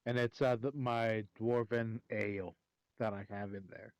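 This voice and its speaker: A man playing a tabletop game, describing his character's actions with many pauses and restarts. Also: lowish voice, fairly even intonation, no echo. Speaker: player.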